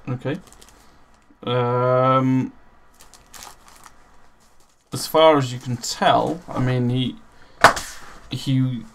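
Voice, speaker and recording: A man running a tabletop game, his voice flat and gravelly with a strained throat. He explains rolls in halting, easygoing phrases, with faint noise behind him. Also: mid-range voice. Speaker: game master.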